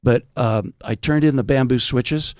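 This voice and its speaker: An older American man, a veteran actor, telling animated anecdotes in casual chat and slipping into impressions. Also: medium pitch, normal speed, no echo, studio quality. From United States. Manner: animated storyteller, jumps into voices. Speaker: podcast guest, veteran actor.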